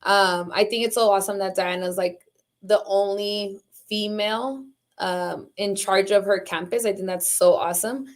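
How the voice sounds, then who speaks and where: A thirtysomething high school teacher and department chair from Socorro, Texas, chats casually on a video call at a moderate pace. She's talkative and fills her speech with lots of "like" and "um".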